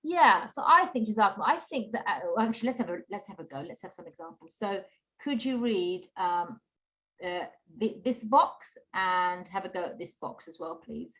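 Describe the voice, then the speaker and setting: A woman teaching a Qur'an recitation class over a video call, patient and encouraging, slowly modelling sounds for students to repeat. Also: medium pitch, animated, fairly bright tone.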